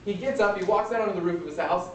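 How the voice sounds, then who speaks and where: A man's voice: high voice, racing, a bit bright. A man preaching a sermon in a casual, conversational way, retelling a film scene before turning to scripture. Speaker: pastor. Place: lecture room. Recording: echoey hall, distant mic, faint noise.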